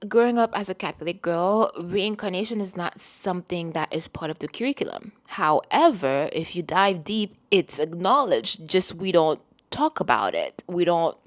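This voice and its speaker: A woman's voice: lowish voice, big pitch swings, moderate pace. A woman who grew up speaking French, hosting a podcast on astrology in a casual, rambling monologue, often correcting herself and breaking into laughs.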